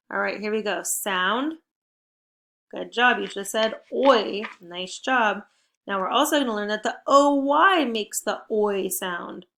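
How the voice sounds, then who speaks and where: Young woman teacher, phonics drill for kids, unhurried, upbeat and encouraging. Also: medium pitch, a bit bright. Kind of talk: phonics lesson for young children.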